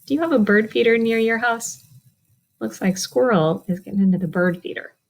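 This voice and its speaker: A woman's voice: fairly high pitch, moderate pace. A woman librarian reads a picture book aloud at children's storytime, asking young listeners questions and answering for them.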